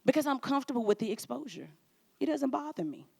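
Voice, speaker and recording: A woman pastor preaching at a conference, playful and animated, acting out little quoted exchanges. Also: high-pitched, fast, gravelly. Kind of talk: sermon. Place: conference stage.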